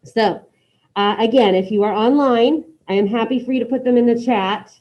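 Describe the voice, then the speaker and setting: A woman teaches a Spanish class to students both in the room and online, giving brisk, repeated instructions and modeling pronunciation. Her voice is a little high, and the classroom audio is dull and lo-fi.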